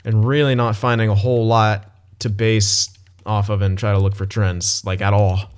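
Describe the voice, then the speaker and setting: A young man casually commenting on his gameplay as he plays, thinking aloud, swearing and blurting sudden excited outbursts. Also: lowish voice, moderate pace, clean tone. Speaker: gaming channel host.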